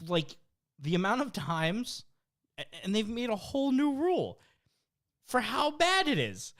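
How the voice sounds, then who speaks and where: Young male co-host, animated and highly expressive, emphatic and profane. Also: a little slow. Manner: ranting, emphatic, swears freely. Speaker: podcast co-host. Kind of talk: casual chat.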